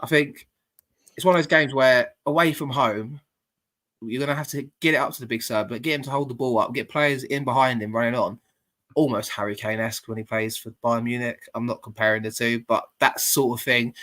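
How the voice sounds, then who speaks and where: A man's voice: medium pitch, brisk, sharp tone. A man hosting a casual football podcast, blunt and laddish, swearing freely, talking over a remote call. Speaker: podcast host.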